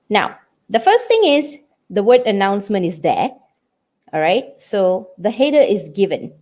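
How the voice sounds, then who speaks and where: A woman's voice: on the high side, darkish tone. A woman English teacher with a Malaysian English accent, giving a lesson and checking in with students often. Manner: checks in often with "okay?" and "did you get it?". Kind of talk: classroom lesson.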